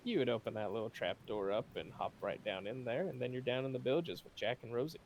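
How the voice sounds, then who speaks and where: A man narrating as game master of a tabletop game, relaxed and easy to laugh. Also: mid-range voice, fast talker, gravelly, a little hiss or hum. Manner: relaxed, laughs easily, calls for dice checks.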